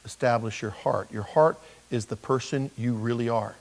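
A man's voice: medium pitch, steady tone, moderate pace, gravelly, a little mellow, rough recording. A middle-aged male pastor preaching a conversational sermon, full of rhetorical questions and humor.

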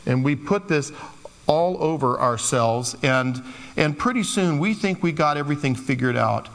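A man's voice: on the high side, expressive, moderate pace, creaky, a bit bright. A man preaching a sermon in a loose, conversational way, slipping into playful quoted asides. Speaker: pastor. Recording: long hall reverb.

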